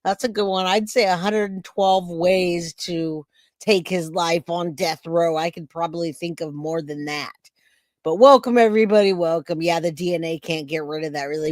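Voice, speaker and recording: A woman in her forties hosts a casual live reaction stream, joking and reading out chat comments. Her voice sits on the lower side and the sound is dry and close. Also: no room sound. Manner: chatty, jokey, reads out chat comments. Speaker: livestream reaction host.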